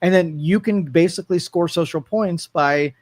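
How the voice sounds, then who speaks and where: A man's voice: sits high, normal speed, darkish tone, no room sound. A man co-hosting a talk radio show, opinionated and rambling, posing rhetorical questions. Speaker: co-host. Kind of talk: casual talk radio chat. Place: radio studio.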